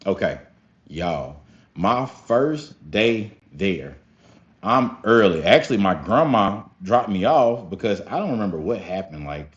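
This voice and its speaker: A young man telling a story casually to his viewers, animated and profane, often calling them y'all. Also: on the low side, unhurried. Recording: slightly dull lo-fi sound with faint music.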